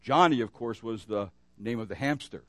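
A man's voice: fairly low pitch, normal speed, no echo. A male pastor preaching a sermon, moving between emphatic declarations and a casual storytelling manner with frequent fillers. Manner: animated preaching with rising emphasis and storytelling asides.

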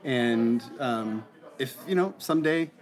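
A man's voice: mid-range voice, lively intonation. A middle-aged man co-hosting a casual faith conversation, talking earnestly and often restarting his sentences. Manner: earnest, halting with frequent restarts. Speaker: co-host answering listener questions.

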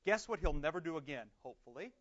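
A man, a pastor, teaches a Bible class in a lively, conversational way, putting questions to the group and slowing down to read prayers aloud. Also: a little high. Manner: lively, conversational, asks questions and answers them. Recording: dull lo-fi recording.

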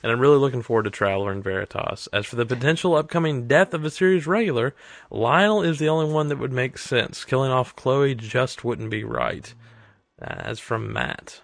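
A man's voice: mid-range voice, creaky, fairly bright tone, no room sound, clean studio sound. A man co-hosting a casual podcast, reading listener emails aloud in a jokey, laughing way. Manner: laughing, jokey, quick to do silly voices. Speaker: podcast co-host.

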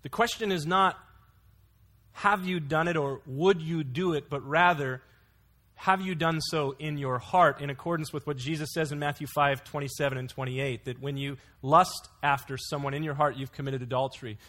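A man's voice: a little high, fairly even intonation, normal speed, bright, forceful tone. A man preaching an earnest expository sermon, mixing scripture with anecdotes.

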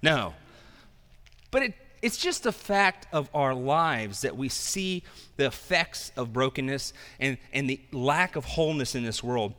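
A man's voice: medium pitch, animated, unhurried, bright, forceful tone, long reverb tail. A man preaching a sermon as pastor, talking in a conversational way with self-deprecating asides.

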